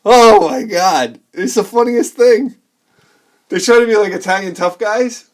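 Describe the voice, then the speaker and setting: A man's voice: high voice, measured pace. A man in his forties, a game collector telling rambling childhood stories while showing his games, laughing often and acting out the people he quotes. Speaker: video game collector vlogger.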